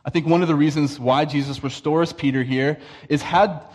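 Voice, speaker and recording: A young man preaching a sermon, telling stories and acting out quoted voices, often dropping to a soft, intense tone. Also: on the high side, steady tone, normal speed. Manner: storytelling, acts out quoted voices, drops to quiet intensity.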